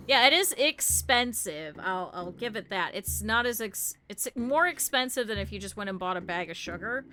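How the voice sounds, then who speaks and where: A woman's voice: mid-range voice, expressive, normal speed, sharp tone, soft background music. A young adult woman streaming a game, chatting casually and rambling through stories with lots of laughter. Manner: rambling storyteller, laughs a lot. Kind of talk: casual chat while gaming.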